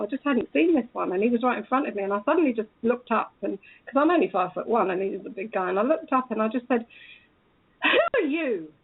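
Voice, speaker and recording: A woman's voice: on the high side, phone-quality sound. A woman telling a story in a casual way, acting out the lines of the people in it. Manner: animated, acts out quoted dialogue. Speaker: speaker recounting a police encounter.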